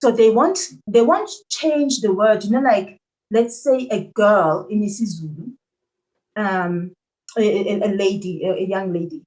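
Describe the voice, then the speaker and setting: A woman's voice: mid-range voice, measured pace, a little mellow, poor audio. A young adult South African woman talking animatedly as a podcast guest, laughing often and restarting her sentences. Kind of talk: conversational interview.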